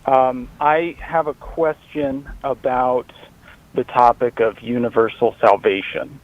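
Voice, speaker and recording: A man's voice: mid-range voice, fairly even intonation, slow pace. A man calling in to a radio show, earnestly laying out a formal argument over the phone. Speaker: caller. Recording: tinny phone line.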